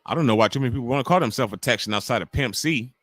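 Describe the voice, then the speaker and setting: A man's voice: medium pitch, rapid-fire, fairly bright tone, no echo. A young man hosting a live watch-along stream, joking loosely and talking to chat viewers by name. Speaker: livestream host.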